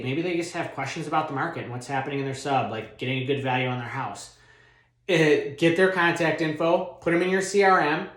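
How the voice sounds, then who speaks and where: A man's voice: a little high, echoey room. A man, a real estate broker, teaching cold calling in a confident, casual way and acting out phone scripts. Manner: energetic, confident, casual with many fillers. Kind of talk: instructional talk with acted phone scripts.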